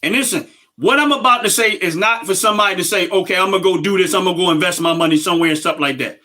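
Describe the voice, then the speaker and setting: A middle-aged man hosts a casual livestream, speaking emphatically right to his viewers. His voice is high-pitched and bright, with a forceful tone and a racing pace.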